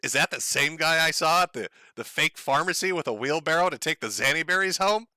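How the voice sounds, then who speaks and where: A man's voice: on the high side, animated, a little fast, sharp tone, dry recording, voice pushed up. A man voicing a puzzled adult male neighbor who mutters in a bewildered, gossipy way. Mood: baffled.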